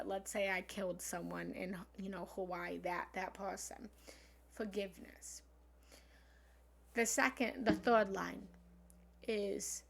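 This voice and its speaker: A woman talks to her live-stream viewers as a spiritual coach, her voice mid-pitched and earnest. She wanders through her thoughts, leaning on small fillers as she goes. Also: gravelly. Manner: earnest, meandering, many fillers like "you know".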